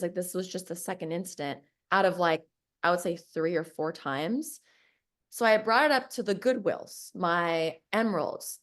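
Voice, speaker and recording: A woman casually telling a personal story on a podcast, full of likes and whatevers, jumping up in pitch whenever she quotes someone. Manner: animated, acts out quoted voices with big pitch jumps; filler-heavy, says like and whatever often.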